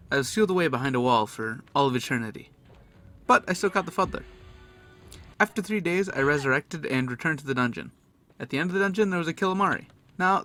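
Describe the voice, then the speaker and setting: Excitable young man, bright lively voice. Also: fairly high pitch. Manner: excitable, loud outbursts, frequent swearing. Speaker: gaming video creator. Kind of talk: gameplay commentary and voice-over narration.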